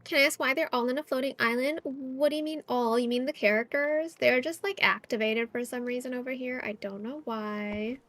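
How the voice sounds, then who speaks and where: A woman's voice: high voice, fairly even intonation, a little fast, hardly any pauses, fairly bright tone. A woman streamer chatting casually and giggling while she plays a video game. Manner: giggly, playful. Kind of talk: casual gameplay chat.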